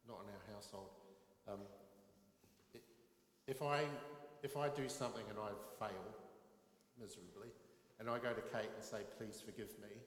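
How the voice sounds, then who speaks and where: Conversational preacher in an echoey church. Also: male voice, medium pitch. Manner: conversational, asks the congregation questions. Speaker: pastor. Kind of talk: sermon. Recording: echoey hall reverb.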